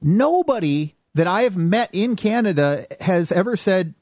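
Host in his 40s, animated storyteller, bright lively delivery, close dry mic. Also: sits high, measured pace, dry recording. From Michigan. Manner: animated storyteller, acts out quotes. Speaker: podcast host. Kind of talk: casual podcast chat.

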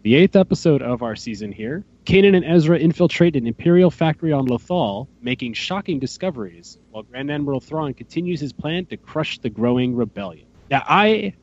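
A man hosting a fan podcast, chatting casually and excitedly with rambling asides. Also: fairly high pitch, fairly quick, hardly any pauses. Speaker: podcast host. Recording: dull lo-fi podcast mic.

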